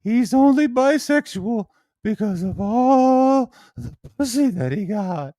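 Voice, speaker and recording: A man putting on a high, mocking impression of a whiny, awkward young man. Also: lively intonation, slow pace, mellow, no room sound, studio quality, heavily acted.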